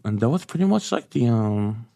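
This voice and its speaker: A man's voice: mid-range voice, big pitch swings, moderate pace, vocal fry, warm tone, dry recording. A man telling a story as a podcast guest, hesitant and full of "like" fillers. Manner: hesitant, heavy use of "like" fillers. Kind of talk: casual storytelling.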